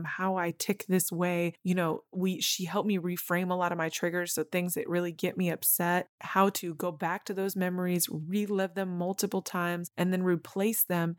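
A woman's voice: fairly low pitch, no room sound, studio quality. A woman in her thirties hosting a podcast, telling a personal story in an earnest, emotional way and talking straight to her listeners. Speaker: podcast host.

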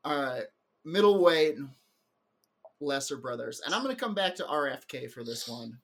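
A man's voice: on the high side, big pitch swings, normal speed. A man hosting a comedy podcast, joking and laughing often, trailing off with fillers. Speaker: podcast host. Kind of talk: casual comedy chat.

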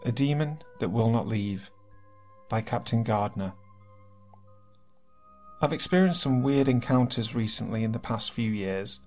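Man, horror story narrator, medium pitch, steady, faint background music. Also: a little slow, pauses often. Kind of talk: scripted narration of horror stories.

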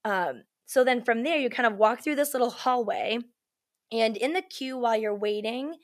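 Chatty woman with a fairly high voice. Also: normal speed. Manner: chatty, heavy use of "like" and "you know"; animated, acts out quoted lines. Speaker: podcast guest. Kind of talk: casual storytelling chat.

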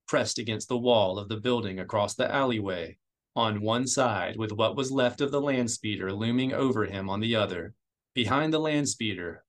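A man reading an audiobook in steady, measured storytelling narration. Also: on the low side. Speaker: audiobook reader.

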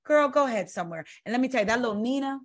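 A woman's voice: on the high side, animated, racing. A woman, chatting casually about reality TV as a podcast co-host, sassy and blunt with her opinions. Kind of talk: casual reality-TV recap chat. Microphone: video call.

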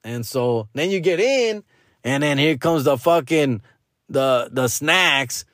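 A man's voice: animated, slow pace, no room sound, studio quality. A middle-aged man hosting a podcast, telling a story in a casual, profane, slangy way with Spanish phrases mixed in. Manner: jumps to loud high mock voices for quoted people. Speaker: podcast host.

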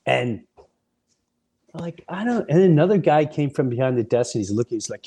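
A man hosting a podcast, telling animated, rambling off-the-cuff stories that wander off on side paths. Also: medium pitch, a little fast, husky. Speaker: podcast host, comedian. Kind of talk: off-the-cuff storytelling.

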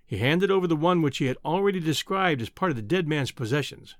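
A man narrating a classic adventure novel in an expressive, measured storytelling manner. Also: a little high, no room sound, clean studio sound. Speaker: audiobook narrator. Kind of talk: scripted narration.

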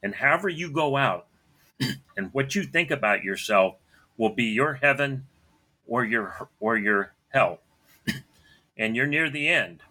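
A middle-aged man telling a personal story bluntly, clearing his throat often between phrases. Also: medium pitch, expressive, measured pace, pauses often, pushed and bright.

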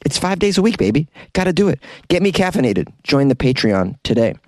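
A man's voice: fairly high pitch, very animated, a little fast, dry recording. A man hosting a comedic news podcast, chatty and joking with wry asides. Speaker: podcast host.

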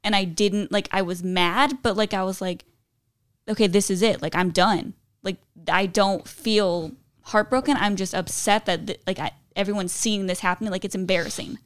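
A woman's voice: medium pitch, steady tone, moderate pace, clean tone. A woman on a casual podcast telling personal stories, rambling with lots of "like" fillers. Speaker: podcast co-host. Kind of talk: casual storytelling chat.

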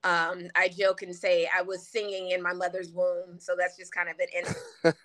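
Bubbly, bright-voiced woman from Louisiana. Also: on the low side, normal speed. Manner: bubbly, animated storytelling. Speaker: guest, country singer. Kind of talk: casual interview chat.

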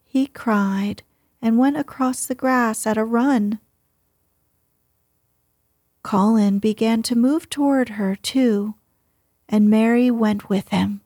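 Woman whispering a bedtime story, super slow, dark and breathy, dry close mic. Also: a little high, dry recording. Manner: soft whisper, slow and gentle.

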